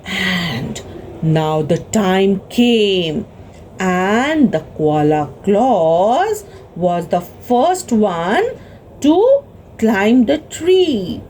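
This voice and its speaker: A woman with an Indian English accent telling a story to children, expressive and gasping, asking the children questions. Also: medium pitch, very slow, a little hiss or hum.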